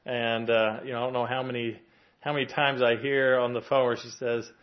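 Guy preaching in an everyday mid voice, earnest and a bit halting, muffled lo-fi audio. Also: mid-range voice, flat delivery. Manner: earnest, plain-spoken, with many fillers and restarts. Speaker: lay preacher soon to be a pastor. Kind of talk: conversational sermon. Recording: dull lo-fi recording.

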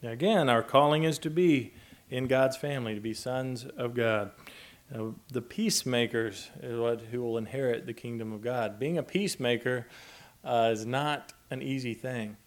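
A man preaching a sermon in a gentle, conversational way, chuckling often as he talks. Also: medium pitch, normal speed. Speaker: pastor.

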